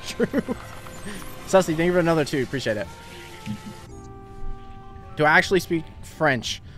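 A young man streaming a game, chatting casually, laughing often and quickly thanking viewers. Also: on the high side, lively intonation, a bit bright, faint music behind. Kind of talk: casual gaming livestream chat.

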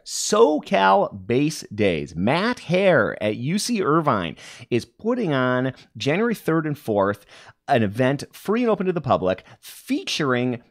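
A man hosting a music podcast, giving a chatty, upbeat news rundown with offhand asides. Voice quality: animated, swinging pitch. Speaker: podcast host.

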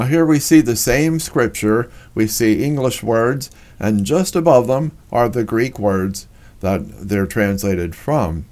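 A man presenting a scripted teaching narration on scripture, slow and deliberate, stressing single words. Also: lowish voice, a little mellow, slight background noise. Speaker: religious history presenter.

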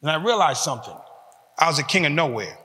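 High, bright-voiced man telling his story. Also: lively intonation, fast. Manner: emphatic storytelling with repeated short phrases. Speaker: speaker giving a talk to prisoners. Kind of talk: motivational talk. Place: large hall in a prison. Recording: long reverb of a large hall.

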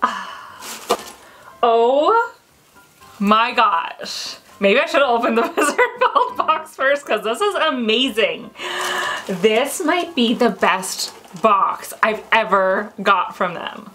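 A woman chatting to viewers while unboxing, gushing and excitable and squealing with delight. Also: on the high side, takes it slowly. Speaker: unboxing vlogger. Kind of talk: casual unboxing chat to viewers.

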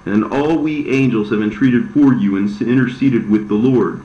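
A man voicing the devil, an envious, deceitful fallen angel who talks in a smooth but aggrieved way. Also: medium pitch, moderate pace, lightly acted. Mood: coaxing. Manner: smooth-talking, bitter, aggrieved. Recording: roomy, slightly dull recording.

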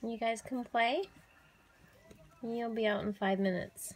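A woman's voice: a little high, steady tone, slow. A woman talking baby talk to her puppies, cooing and sing-song, laughing often between lines. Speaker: dog breeder talking to puppies. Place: indoors with puppies.

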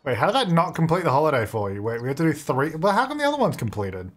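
A man's voice: on the high side, wildly swooping pitch, racing, fairly bright tone, faint music behind. A man giving casual gameplay commentary, chatty, talking to his game characters and laughing often. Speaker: gaming video creator.

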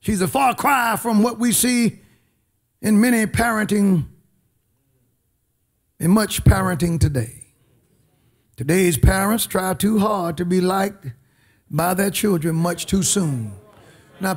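A man preaching from the pulpit in a high, ringing voice. He takes his time, drawing lines out slowly. He rises to shouts, drops to low asides and calls on the congregation to answer. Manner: emphatic, swings from shouting to quiet asides, call-and-response. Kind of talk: sermon.

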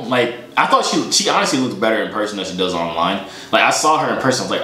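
Young man, vlogger, animated, joking, slangy, rambling, echoey room. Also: mid-range voice, quick pace. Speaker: vlogger answering fan questions. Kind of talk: casual Q&A chat.

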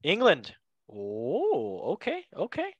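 A young man hosting a casual football podcast, playful and quick to laugh, with goofy asides. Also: fairly high pitch, huge pitch swings, no echo, muffled recording. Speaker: podcast host.

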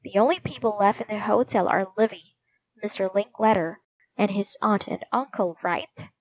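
A woman voicing an excited, jokey young boy detective in a storybook reading. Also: medium pitch, moderate pace, lightly acted. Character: cheeky, food-loving young boy.

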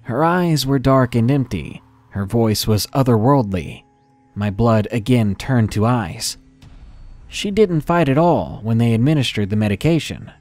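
Man, horror story narrator, measured delivery, dry close recording. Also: mid-range voice, darkish tone, no echo.

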